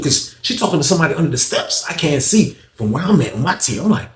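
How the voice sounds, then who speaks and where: A man telling a prison story in casual, animated fashion, acting out everyone's voices with heavy slang. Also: a little high, rapid-fire, few pauses, roomy sound.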